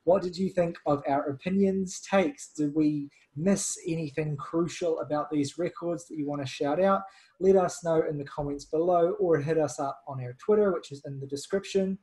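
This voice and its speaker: A man's voice: fairly high pitch, moderate pace, darkish tone, rough recording. A man hosting a casual music podcast, talking loosely with plenty of fillers. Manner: chatty, loose, lots of fillers. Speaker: podcast host.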